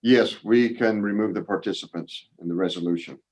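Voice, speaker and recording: A man's voice: fairly low pitch, fairly quick, darkish tone. A man chairing an online committee meeting over a video call, informal and joking, now and then unsure how to run it.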